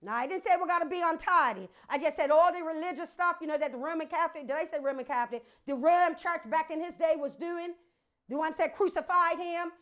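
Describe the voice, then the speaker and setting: High-voiced woman pastor preaching. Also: quick pace, a bit bright. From Bermuda. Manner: preaching with rising call-outs and laughter. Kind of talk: sermon.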